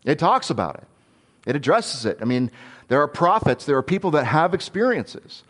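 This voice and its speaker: A man's voice: on the high side, sing-song, normal speed, a bit bright. A man giving a conversational sermon, earnest and candid, thinking aloud as he goes.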